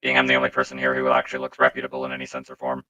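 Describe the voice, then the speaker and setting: A man at a tabletop game speaks in a formal, scheming way. His voice is extremely deep and flat, with a bright edge. The mic sounds dull and lo-fi. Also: rapid-fire, a little hiss or hum. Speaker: player. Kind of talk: in-character table talk.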